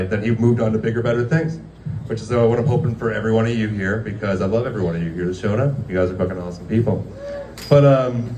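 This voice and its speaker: A man's voice: on the low side, darkish tone, a little hiss or hum. Man roasting coworkers in an echoey room. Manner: rambling, crude, laughs at his own jokes. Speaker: comedian roasting former coworkers. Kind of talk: stand-up roast. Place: restaurant dining room.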